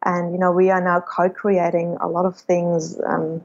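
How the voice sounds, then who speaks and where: Woman, podcast guest, reflective storytelling, slightly low pitch, muffled sound. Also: completely flat delivery, moderate pace. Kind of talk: personal storytelling in conversation.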